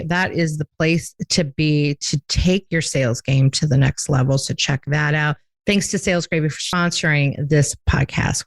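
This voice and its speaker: A woman hosting a podcast in casual, playful chat, talking quickly with lots of "like". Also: deep voice, no echo. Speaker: podcast host.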